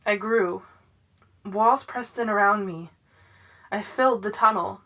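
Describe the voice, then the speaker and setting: A woman reading a novel aloud in the first person, in a measured, dramatic way. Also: medium pitch, bright, forceful tone, low-quality recording. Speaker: audiobook narrator.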